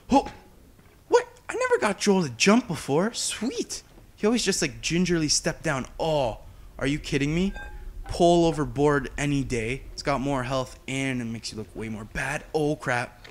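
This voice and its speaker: Excitable man doing game commentary. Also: mid-range voice. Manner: excitable, chatty, quick to exclaim. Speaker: gameplay commentator. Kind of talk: casual let's-play commentary.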